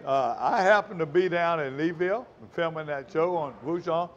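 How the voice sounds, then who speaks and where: A man's voice: on the high side, normal speed, dull audio, slight background noise. A man hosting a fishing show, rambling in a folksy, casual way. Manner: rambling, folksy, talks with mouth full. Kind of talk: casual chat.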